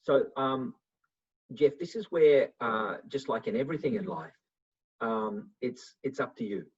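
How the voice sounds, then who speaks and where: A man giving a motivational webinar talk over a video call, answering questions and acting out little dialogues in a lively way. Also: mid-range voice, measured pace, slightly rough. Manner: animated, acts out little dialogues. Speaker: webinar speaker. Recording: muffled video call audio.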